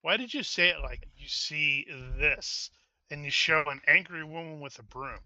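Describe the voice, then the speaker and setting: A man chats casually as a player at a tabletop game, joking with the table. His voice is very bright and sharp. The sound is dry and dull lo-fi. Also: on the high side, lively intonation, brisk, no room sound.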